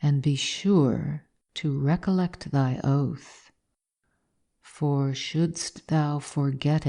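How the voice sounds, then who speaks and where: A cold male sorcerer from a gothic storybook, read by a woman in a low, dark voice. He speaks in slow, solemn, archaic phrases, giving stern commands. The tone stays mellow and unhurried throughout. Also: exaggerated voice.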